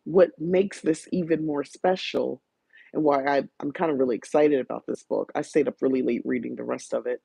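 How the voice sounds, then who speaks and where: Woman, podcast host, rambling book review chat, fry in the voice. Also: a bass voice, steady tone, normal speed, dark tone, no echo. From South New Jersey, USA. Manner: chatty, rambling, frequent restarts and fillers; greets live viewers by name.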